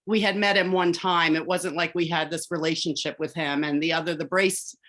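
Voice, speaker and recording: A woman's voice: on the low side, fairly even intonation, a little fast, fairly bright tone. A woman in a casual chat over a video call speaks in a grounded, plainspoken way. She downplays praise and talks it through modestly.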